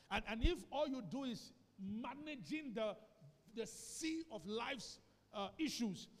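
High-voiced Nigerian pastor preaching. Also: male voice, in a large hall. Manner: call-and-response, emphatic repetition. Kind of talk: sermon. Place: church sanctuary.

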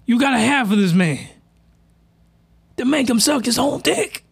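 A man hosting an anime reaction video, giving excitable, crude commentary at a desk mic, with shouting outbursts and voice cracks. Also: extremely high pitch, a little slow, vocal fry, breathy edge.

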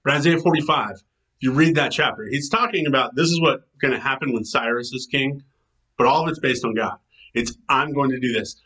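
An enthusiastic man talks through scripture like a casual chat with friends, his voice bright and forward in a middle register. He acts out quotes with lively shifts in delivery, as a pastor who calls himself a nerd. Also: medium pitch, brisk, rough recording. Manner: chatty, enthusiastic, self-described nerd; animated quoting in character voices. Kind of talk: casual devotional talk.

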